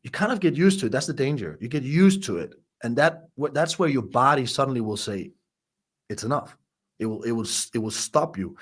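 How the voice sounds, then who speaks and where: Brief: male life coach as a podcast guest, raw and emotional, mid-pitched, swears a lot, stumbles and repeats words. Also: a bit bright, husky. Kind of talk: candid interview storytelling.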